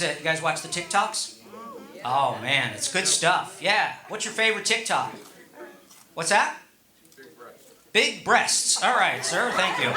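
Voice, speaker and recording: A middle-aged male stand-up comedian on stage, rambling conversationally and teasing the audience. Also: a little high. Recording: echoey live room.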